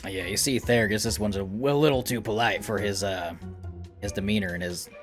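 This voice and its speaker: A man's voice: on the low side, fairly quick, soft background music. A man running a tabletop game as game master, narrating in a casual, hesitant way full of fillers.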